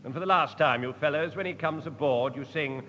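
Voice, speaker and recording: A man doing quick deadpan patter in a radio comedy sketch show. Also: on the high side, lo-fi sound, a little hiss or hum. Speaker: comedy performer.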